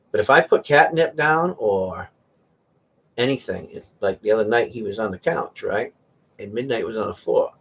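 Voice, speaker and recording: A host with a fairly low, creaky, husky voice strays through tales of his cats in a casual chat. Sometimes he mimics their meows along the way.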